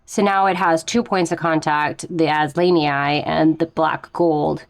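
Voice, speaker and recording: A woman's voice: sits low, fairly even intonation, measured pace, no room sound. A young woman chatting casually in a plant care vlog, a little out of breath and giggling now and then. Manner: chatty, giggly, talks softly to her plants. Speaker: plant vlogger.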